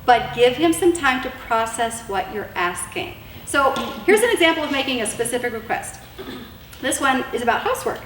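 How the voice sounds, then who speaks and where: Woman, fairly high voice, chatty marriage advice talk, echoey room, distant mic, faint hiss. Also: big pitch swings, moderate pace, a bit bright. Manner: chatty and earnest, many fillers and repeated words. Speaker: marriage advice speaker for wives. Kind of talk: casual instructional talk.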